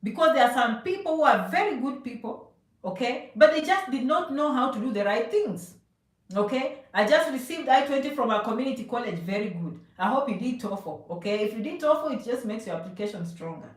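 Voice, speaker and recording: A woman's voice: on the high side, animated, fairly quick. A woman from Zambia giving an emphatic, preachy motivational talk to live viewers, often asking "okay?". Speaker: immigration advice streamer. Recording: echoey room, voice a bit far from mic.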